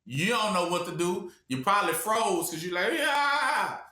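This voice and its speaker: A man's voice: high voice, normal speed, pushed and bright. A man preaching a call-and-response sermon, asking the room to finish his sentences and acting out voices. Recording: echoey room.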